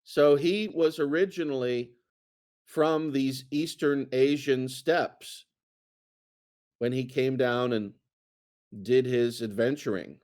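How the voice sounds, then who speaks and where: A man's voice: mid-range voice, takes it slowly, pauses often, darkish tone. A man co-hosting a casual chat, talking in a rambling way with many fillers and restarts. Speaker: co-host.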